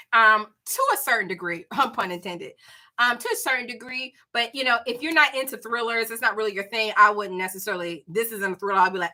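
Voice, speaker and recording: A woman with a Southern accent reviewing books in a casual, animated chat, addressing viewers as y'all. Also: a little high. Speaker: book reviewer.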